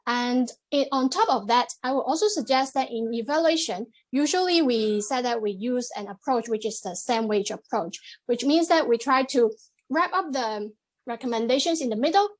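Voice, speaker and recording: High-voiced woman giving encouraging feedback. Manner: measured, encouraging, many fillers. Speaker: general evaluator. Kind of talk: meeting evaluation feedback. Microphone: video call.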